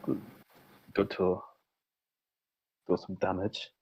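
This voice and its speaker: A man voicing a formal-spoken fantasy adventurer in a put-on French-sounding accent, slow and halting. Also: sits low, monotone, a little mellow, husky, voice pushed down, heavily acted, rough recording. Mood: measured. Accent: unintended French-sounding put-on accent. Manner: slow, halting, formal speech without contractions.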